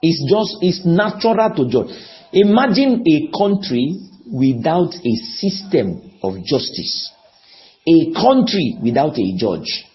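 A man's voice: on the high side, very animated. A man preaching a sermon, emphatic and pleading, often putting questions to his listeners. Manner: emphatic, slow, pleading, asks the audience questions. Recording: dull lo-fi recording.

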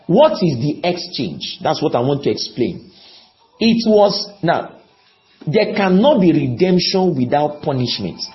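Slow, emphatic man preaching a sermon. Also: on the high side, very animated. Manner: emphatic, slow, pleading, asks the audience questions. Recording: dull lo-fi recording.

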